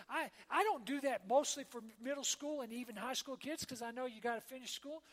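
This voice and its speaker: A woman pastor delivers a sermon from the pulpit in a homey, conversational way, checking in with the congregation as she talks. Her voice sits high. The sound carries a long reverb, as if it fills a large church sanctuary. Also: animated, fairly quick. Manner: conversational preaching, often checking in with "all right?" and "amen?".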